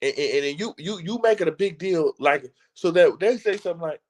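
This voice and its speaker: A man's voice: on the high side, animated, brisk, a little mellow. A man talks as a motivational speaker with a preacher's fervor. His delivery is casual and slangy, full of restarts and doubled words, and it carries an emphatic drive from start to finish. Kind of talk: passionate livestream talk.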